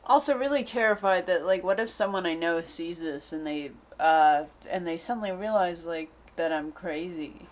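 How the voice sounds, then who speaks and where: A woman's voice: lowish voice, moderate pace, hardly any pauses. A woman filming herself in an unscripted monologue, anxious and rambling, repeating the same phrases over and over. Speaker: vlogger. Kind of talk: unscripted self-filmed monologue. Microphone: self-filmed camera.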